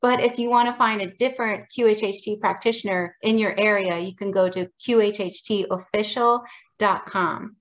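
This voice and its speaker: A woman guest calmly explaining her healing practice in a casual interview. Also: mid-range voice, normal speed, rough recording.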